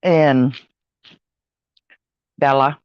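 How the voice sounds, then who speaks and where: A woman's voice: very deep voice, fairly even intonation, drawn-out words, a little mellow, clean tone, dry recording, muffled recording. A tired woman chatting in a rambling way for her vlog on an outdoor porch. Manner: rambling, chatty, with many fillers and yawns. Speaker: vlogger. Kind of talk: casual vlog chat. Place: outdoor porch with traffic nearby.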